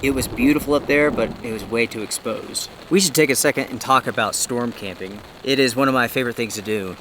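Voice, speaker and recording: A man's voice: mid-range voice, a little fast, low-quality recording. Breathless man vlogging in pouring rain. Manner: chatty, upbeat, addresses viewers directly. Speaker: outdoor vlogger. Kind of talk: casual camping vlog to camera. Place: under a tarp shelter in a rainy forest. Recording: loud rain noise outdoors. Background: heavy rain.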